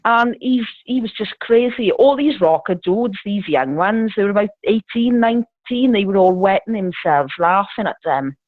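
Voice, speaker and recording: A woman's voice: mid-range voice, animated, normal speed, hardly any pauses, no echo. Laughing woman on a tinny phone line. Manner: rambling, laughs often, swears. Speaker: caller telling a story. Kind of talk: casual storytelling chat.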